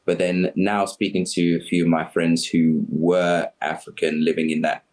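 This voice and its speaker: A man from Sierra Leone speaks as a podcast guest, his voice sitting low. He talks thoughtfully and reflectively, with plenty of fillers. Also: flat delivery, moderate pace, a little mellow. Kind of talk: conversational podcast interview.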